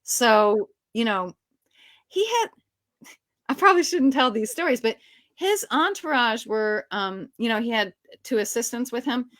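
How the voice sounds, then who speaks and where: A woman guest with a slightly high voice, chatting through behind-the-scenes stories. She talks loosely, with lots of "you know" and "like". The sound is dry and close. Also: expressive, a little slow, a bit bright, no room sound. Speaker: actress guest. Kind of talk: casual storytelling interview.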